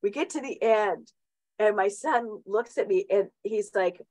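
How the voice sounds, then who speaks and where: A woman's voice: mid-range voice, unhurried, darkish tone, no echo, poor audio. A middle-aged woman hosting a motivational talk, chatty, with many restarts and tag questions. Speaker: host.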